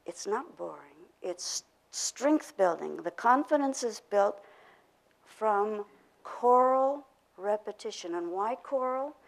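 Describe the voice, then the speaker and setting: Older female workshop presenter, gravelly voice, steady teaching delivery with choral drills. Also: medium pitch, slow pace, rough recording. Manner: explains concepts with spoken drills and repetition. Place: workshop room.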